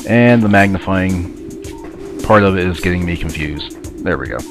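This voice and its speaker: Over music, a man with a congested, stuffy voice that sits low chats casually at a moderate pace as he plays a video game. A let's play commentator, he rambles and mutters grumpy asides to the game.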